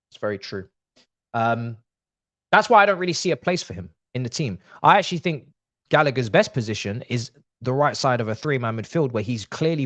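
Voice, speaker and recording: A man's voice: medium pitch, a bit bright, no room sound. A man hosting a live football watch-along, talking straight to his viewers as a passionate fan.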